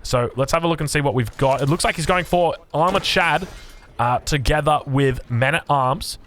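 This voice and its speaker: A man's voice: on the high side, moderate pace, fairly bright tone, a little hiss or hum. An Australian man casting a strategy game match solo, chatty and jokey, with frequent fillers and restarts. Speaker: esports caster. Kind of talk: solo play-by-play game commentary.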